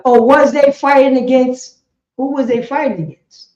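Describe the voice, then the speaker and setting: A woman's voice: high-pitched, steady tone, moderate pace, a little mellow, a little hiss or hum. A woman leading an informal group lesson, quizzing her listeners and often asking "you know what I'm saying?". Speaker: class leader. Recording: echoey room, dull muffled sound.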